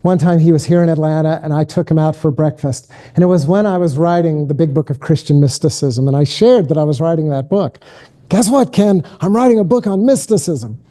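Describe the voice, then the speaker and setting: Speaking slightly high with a steady tone, this middle-aged man talks fairly quickly and barely pauses. He's a spiritual director at a keynote, leading guided contemplative prayer before moving into a lecture, all gentle, inviting, and self-deprecating.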